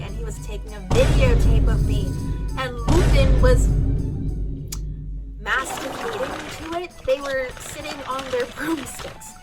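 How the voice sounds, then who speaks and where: Young woman doing a dramatic goofy reading, high voice, snarky side comments, music behind. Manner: theatrical, laughing asides, sarcastic commentary. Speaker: reader. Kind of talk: comedic dramatic reading of fan fiction.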